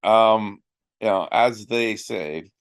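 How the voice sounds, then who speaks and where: A man's voice: fairly low pitch, slow, no room sound. A man from Canada co-hosting a casual chat, cracking jokes and puns. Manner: joking, punning. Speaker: co-host.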